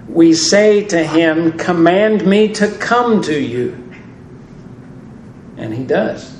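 Preacher man with a slightly high voice and a dry wit, slow and deliberate, heard in a roomy hall from a distant mic. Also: a little mellow, slight background noise. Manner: conversational with dry humor. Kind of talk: sermon on scripture. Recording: roomy echo, distant mic, faint ambience.

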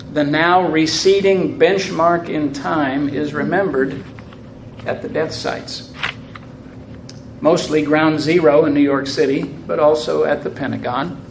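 Older man, measured storytelling. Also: fairly high pitch, creaky, roomy sound, a little hiss or hum, rough recording. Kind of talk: storytelling talk with reading aloud.

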